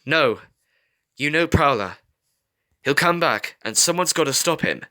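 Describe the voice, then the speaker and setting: A man voicing a young male fox, a gentle and protective brother, in a read-aloud fan story. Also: on the high side, animated, measured pace. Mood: firm.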